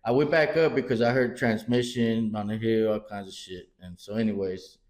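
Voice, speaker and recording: A middle-aged man with a lowish voice at normal speed co-hosts a podcast, casually telling family stories. Animated and foul-mouthed, he acts out what people said, and the recording carries a roomy echo.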